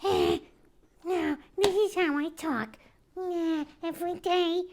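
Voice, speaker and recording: Woman doing a bearded man, very high squeaky voice, slow, deadpan, matter-of-fact. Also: exaggerated voice. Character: bearded adult man friend, mild and deadpan.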